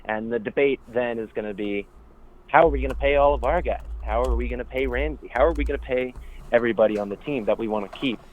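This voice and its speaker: A man's voice: mid-range voice, fast talker. A male caller chatting in an easygoing way on a live sports show. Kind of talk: casual call-in chat. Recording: tinny phone line.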